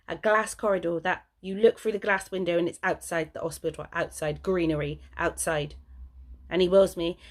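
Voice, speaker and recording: Rambling woman telling a story. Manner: rambling, restarts and repeats words; acts out quotes in a higher voice. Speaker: vlogger. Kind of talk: casual storytelling vlog.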